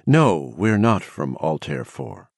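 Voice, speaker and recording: A man's voice: deep voice, big pitch swings, takes it slowly, gravelly, no echo, studio quality, heavily acted. A man voicing a cold woman taken over by an alien presence, speaking in a cool, condescending way in an audiobook. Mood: calm. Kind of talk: audiobook character voice.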